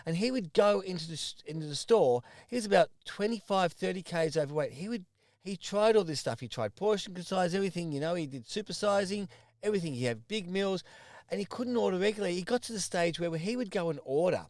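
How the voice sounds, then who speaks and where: A man's voice: sits high, animated, quick pace, darkish tone, no room sound, studio quality. A middle-aged Australian man, a personal trainer, giving an earnest motivational talk to camera, repeating himself and restarting his sentences. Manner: earnest, repetitive, with restarts and acted asides.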